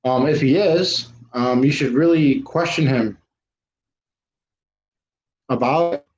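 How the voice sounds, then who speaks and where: A man's voice: mid-range voice, slow, a little mellow. Emphatic ranting man on a livestream. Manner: emphatic, repetitive insistence. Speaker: livestream host. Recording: roomy, dull lo-fi livestream audio.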